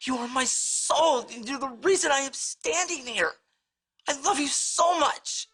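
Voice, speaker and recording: An actor playing a remorseful husband in a TV drama, speaking in an earnest, pleading way. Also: male voice, extremely high pitch, a little slow, sharp tone, full character voice. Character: husband Billy, remorseful after an affair. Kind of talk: TV drama acting.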